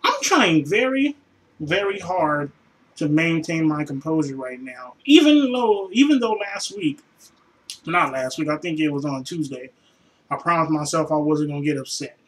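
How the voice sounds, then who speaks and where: A man in his room ranting as a sports fan, profane and exasperated, sighing heavily and swinging between low mutters and sudden shouts. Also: lively intonation, moderate pace, rough recording. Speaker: vlogger reacting to a football loss. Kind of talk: angry fan rant.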